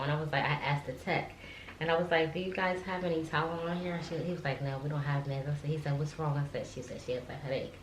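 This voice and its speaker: A woman, a mother telling the story of her young daughter's diagnosis in a halting, filler-heavy way, getting emotional. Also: sits low, fairly even intonation. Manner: tells the story with many fillers and restarts, becoming tearful and emotional. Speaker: guest mother. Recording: echoey room with faint ambient noise.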